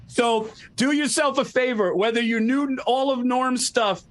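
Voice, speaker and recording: A man's voice: very high-pitched, normal speed, few pauses. A man in casual chat, telling stories with lots of swearing and imitating people. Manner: animated storytelling, swears a lot, mimics people. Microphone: remote call.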